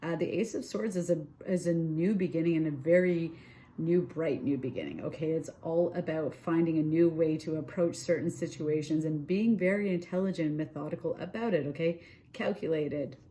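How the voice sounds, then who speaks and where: A woman giving a casual tarot reading. She is chatty and animated, often checks in with "okay?" and "right?", and acts out inner thoughts in quoted asides. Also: low-pitched, moderate pace. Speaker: tarot reader.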